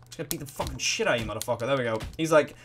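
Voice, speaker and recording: A man giving excitable, rambling let's play commentary full of swearing and reactions to the game. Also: mid-range voice, racing, faint music behind. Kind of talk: gaming commentary.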